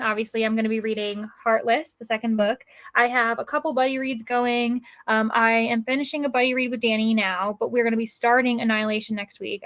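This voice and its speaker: A woman's voice: fairly high pitch, a bit bright, no echo. Chatty American woman, dry close mic. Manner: chatty, rambling, many fillers. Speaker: livestream host. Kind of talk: casual chat reading out viewer comments.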